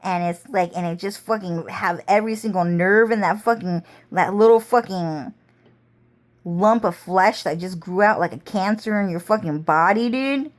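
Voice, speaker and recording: A woman talking straight to the camera in a rambling casual monologue, full of swearing and drawn-out phrases. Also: medium pitch. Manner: rambling, heavy profanity, drawn-out.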